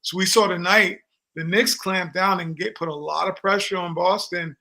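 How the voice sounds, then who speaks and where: A man co-hosting a casual sports podcast, talking in an animated, jokey way, with boastful trash talk. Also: high-pitched, normal speed, gravelly. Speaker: podcast co-host. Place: home studio on a live stream.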